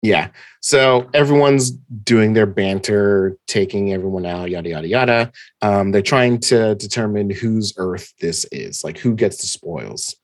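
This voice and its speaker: A man's voice: fairly low pitch, measured pace, dry recording, clean studio sound. A man co-hosting a podcast who recaps a comic in casual chat. He is chatty, laughs often and sometimes loses track of names.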